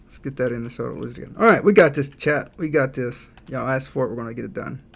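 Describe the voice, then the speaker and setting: Guy livestreaming, gravelly husky voice, laid back, keyboard clacking behind. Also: mid-range voice, fast. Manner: relaxed, thinking aloud, reads out chat messages. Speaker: game developer streaming live. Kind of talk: casual livestream chat while drawing.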